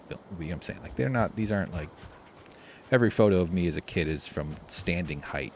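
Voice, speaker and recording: A man telling a rambling story while playing a game, swearing freely and doing loud impressions. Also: low-pitched, animated, fast talker, gravelly, slight background noise. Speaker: streamer. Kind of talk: casual gameplay commentary. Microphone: desk mic with face cam.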